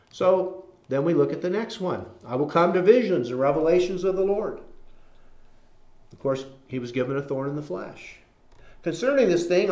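Guy preaching, reads scripture then argues it out w rhetorical questions, kinda high voice, echoey room. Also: darkish tone. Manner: argumentative, rhetorical questions, acts out dialogue. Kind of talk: sermon with scripture reading.

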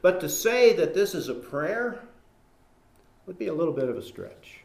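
Man preacher, slightly high voice, argumentative sermon full of rhetorical questions, roomy echo. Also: sing-song, moderate pace, vocal fry, a little mellow. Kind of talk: sermon with scripture reading.

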